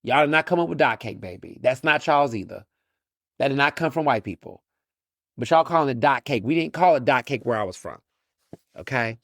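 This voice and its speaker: A man's voice: mid-range voice, brisk, gravelly, no echo, studio quality. A man, hosting a podcast with opinionated, sardonic solo commentary, often restarting and repeating words. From Texas. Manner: animated, sardonic, mocking asides. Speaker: podcast host.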